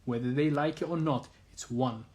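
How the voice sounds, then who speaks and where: A man's voice: mid-range voice, fairly even intonation, moderate pace, a little mellow. A man giving an earnest monologue as an Islamic commentator, insistent and repeating phrases and rhetorical questions.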